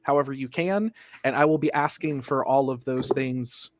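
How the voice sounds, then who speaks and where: A man runs a tabletop murder mystery as game master, explaining the scene and rules in an easygoing, steady voice. His pitch sits in a middle range. The recording is dull and dry, like a home mic with little room sound. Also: moderate pace, dry recording. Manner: relaxed, explanatory, laughs often.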